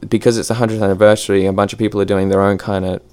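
Low, smooth-voiced Australian teenage actor. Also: male voice, flat delivery, very fast, darkish tone. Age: teens. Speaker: actor guest. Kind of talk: casual interview chat.

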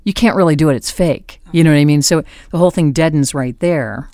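A woman's voice: low-pitched, fairly quick, no echo, studio quality. A woman hosting a podcast, telling a story with laughs and acting out the people in it. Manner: lively storyteller, acts out quotes. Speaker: podcast host. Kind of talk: anecdotal podcast talk.

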